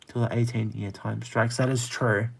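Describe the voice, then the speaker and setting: Young australian man, husky voice, casual livestream chat, blunt, exasperated. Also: flat delivery, moderate pace. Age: 20s. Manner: blunt and exasperated, jumps to high indignant pitch when ranting. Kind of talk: casual livestream chat, answering viewer comments.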